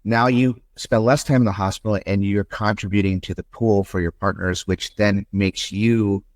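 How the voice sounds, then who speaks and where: A man's voice: lowish voice, fairly even intonation, moderate pace, no echo. A man hosting a medical podcast, talking in a candid, rambling, conversational way. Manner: rambling, candid, with asides and restarts. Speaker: podcast host, interventional endoscopist.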